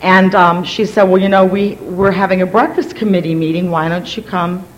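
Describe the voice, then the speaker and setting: A woman's voice: on the low side, moderate pace, poor audio. Hyper, rambling woman telling her story. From Virginia. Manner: energetic, rambling, many restarts and self-deprecating asides. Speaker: speaker sharing at a recovery gathering. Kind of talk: personal story told to a gathering.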